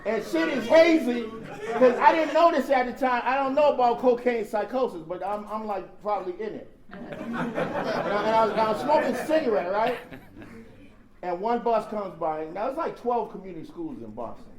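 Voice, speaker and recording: A man with a high voice tells a comic story about his past in an animated way. His voice rings through a large echoey hall, and a big crowd laughs along behind him. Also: normal speed. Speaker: speaker sharing recovery story. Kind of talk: storytelling share at a recovery convention. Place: large convention hall with audience.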